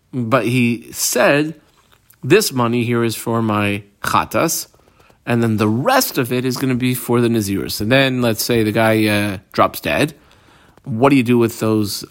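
Man teaching Talmud step by step. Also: medium pitch. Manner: explains step by step, mixes Aramaic terms with English. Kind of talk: daf yomi lecture.

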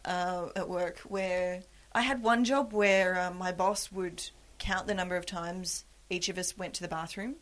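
A woman's voice: on the low side, fairly even intonation, measured pace, hardly any pauses, fairly bright tone. A young woman hosting a podcast, telling self-deprecating work stories and laughing often. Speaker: podcast host. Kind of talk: casual chat.

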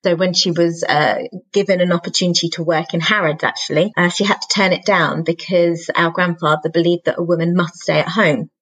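A woman's voice: lowish voice, steady tone, a little fast, few pauses, breathy edge, rough recording. Reflective woman recalling family. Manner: reflective, warm storytelling with frequent laughter. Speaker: podcast guest, author and singer. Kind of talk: conversational interview.

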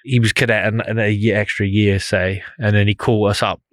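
Man from England, quick chatty reminiscing, co-host, dry sound. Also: fairly low pitch, flat delivery, dry recording. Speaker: podcast co-host, former amateur boxer. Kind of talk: casual podcast chat.

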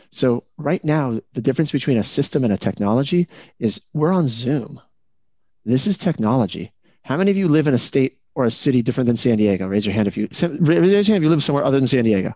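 Fast-talking, energetic male coach. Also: medium pitch, dry recording. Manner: energetic, asks the group many questions. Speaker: real estate team coach. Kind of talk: coaching session on a video call. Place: video call. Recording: dull lo-fi call audio.

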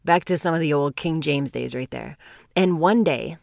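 A woman hosting a devotional podcast. She talks earnestly, stretches key words out slowly and laughs often. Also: sits low, vocal fry, darkish tone, dry recording, clean studio sound. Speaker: podcast host.

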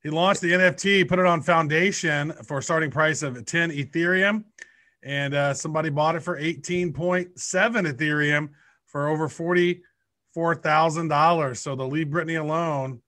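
A brash podcast co-host with a high, bright, forceful voice, full of crude jokes. The recording is close and dry. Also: male voice, fairly even intonation, normal speed, no echo. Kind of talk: casual chat.

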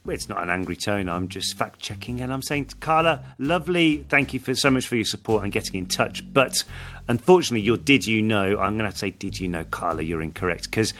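Male podcast co-host, lowish and animated, playful banter, faint music bed. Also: fast talker. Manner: playful, mock-serious banter. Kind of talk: casual chat.

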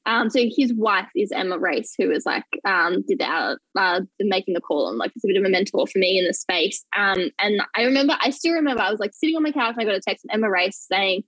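A woman's voice: medium pitch, animated, fast talker, hardly any pauses, a bit bright, no room sound, low-quality recording. A young Australian woman telling work stories as an interview guest, bubbly and often laughing, with lots of "like". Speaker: guest, journalist. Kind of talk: casual interview chat.

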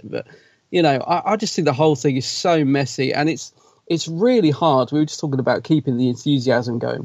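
A man's voice: on the high side, darkish tone, dry recording, lo-fi sound. A man co-hosting a casual fan podcast, sounding downbeat and frustrated and often stammering as he restarts his sentences. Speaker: podcast co-host.

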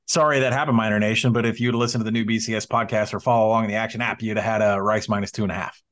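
A man's voice: lowish voice, fairly even intonation, rapid-fire, a bit bright. A man from Arkansas co-hosting a casual sports betting podcast, upbeat and joking. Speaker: podcast co-host.

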